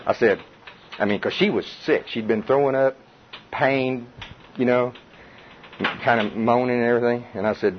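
A middle-aged man preaching to a Bible study group in a lively, conversational way, with chuckles and repetition. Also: mid-range voice, normal speed, long pauses, slight background noise. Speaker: pastor. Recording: dull muffled recording.

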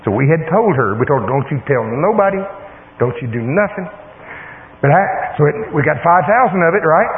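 Emphatic folksy preacher. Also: male voice, fairly high pitch. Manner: emphatic, folksy and plain-spoken. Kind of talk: sermon with storytelling. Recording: tinny lo-fi tape in echoey hall.

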